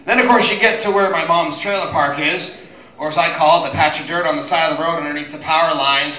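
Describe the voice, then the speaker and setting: A man's voice: on the high side, sharp tone, echoey room, muffled recording. A young man doing open mic stand-up, telling crude, exasperated stories full of swearing. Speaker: stand-up comedian.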